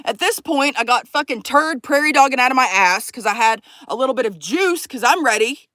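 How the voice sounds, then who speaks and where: A woman telling a profane, animated story to her vlog audience, acting out the people in it. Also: high-pitched, a little fast, dry recording. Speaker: vlogger. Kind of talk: casual storytime chat.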